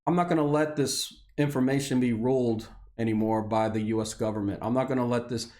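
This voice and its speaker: Warm-toned and a little fast, this video blogger is a military veteran from Indiana in his thirties. His off-the-cuff, profanity-laced rant about his own life shifts from hot anger to tired, subdued tones.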